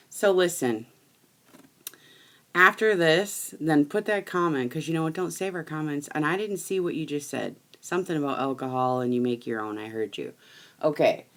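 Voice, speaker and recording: A woman's voice: low voice, fairly bright tone, low-quality recording. A woman hosting a live crafting stream, chatting bluntly with viewers and laughing often as she works. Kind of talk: casual chat while crafting.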